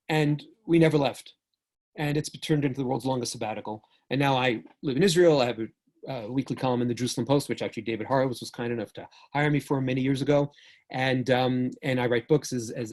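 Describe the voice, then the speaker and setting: An older man from New York with a New York accent, giving a joking, animated talk with sudden jumps in loudness. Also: a little high. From United States. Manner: animated storyteller, jokey, swings between loud and soft. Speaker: speaker. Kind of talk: lecture talk.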